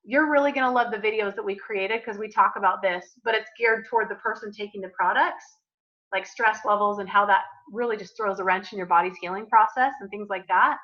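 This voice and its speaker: A woman's voice: medium pitch, brisk, dull audio. A woman coach leading a live group coaching call, talking in an upbeat, chatty, eager way.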